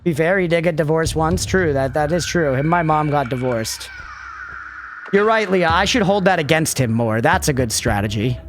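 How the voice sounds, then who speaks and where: A man's voice: fairly high pitch, lively intonation, normal speed, soft background music. A man in his thirties streaming a game, rambling casually, laughing often and swearing to chat. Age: 30s. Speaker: livestreamer. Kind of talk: casual gaming commentary to chat.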